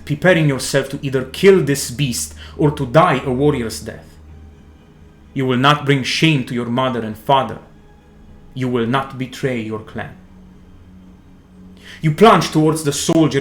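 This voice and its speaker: A man, narrating a tabletop game as game master in a slow, dramatic second-person style. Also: medium pitch, roomy sound.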